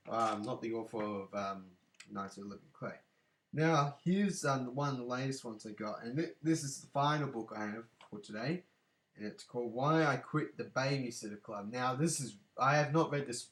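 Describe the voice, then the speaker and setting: Rambling man vlogging in an echoey room. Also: mid-range voice. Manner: rambling, many fillers and apologies. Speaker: book collection vlogger. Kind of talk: casual vlog.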